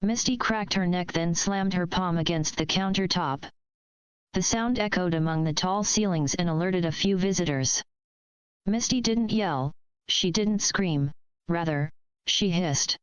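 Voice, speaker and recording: Woman reading fanfic out loud, steady pace, super smooth lowish voice. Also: dry recording, low-quality recording. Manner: steady, measured storytelling. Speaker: story reader. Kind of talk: fanfiction read aloud.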